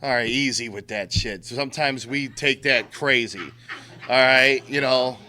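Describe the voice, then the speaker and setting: A man's voice: medium pitch, unhurried, bright, forceful tone, a little hiss or hum. A middle-aged man giving a blunt, profane talk to a recovery group, using street slang and acting out quotes. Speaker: recovery speaker.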